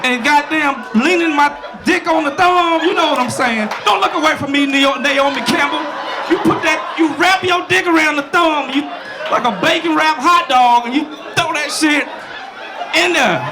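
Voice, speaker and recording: A man performing a loud, crude stand-up comedy set on a club stage, animated and silly, with a laughing crowd behind him. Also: extremely high pitch, normal speed. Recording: live club with crowd noise.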